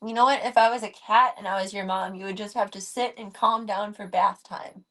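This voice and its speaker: A young woman streaming from home, chatting casually and baby-talking her cat, often dropping to a soft, hushed voice. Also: mid-range voice, fairly even intonation, fairly quick. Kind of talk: casual livestream chat.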